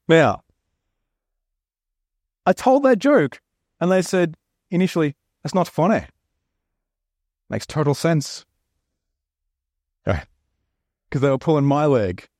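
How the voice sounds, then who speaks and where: A man's voice: fairly high pitch, lively intonation, slow pace, pauses often, a little mellow, dry recording, clean studio sound. A man with an Australian accent preaching a sermon, telling stories and jokes in a chatty, conversational way. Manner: chatty, joking storyteller. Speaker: pastor.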